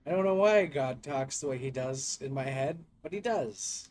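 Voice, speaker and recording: A man's voice: medium pitch, animated, normal speed, few pauses, a little mellow. A man giving casual, joking let's-play commentary, rambling and self-deprecating. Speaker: gaming YouTuber.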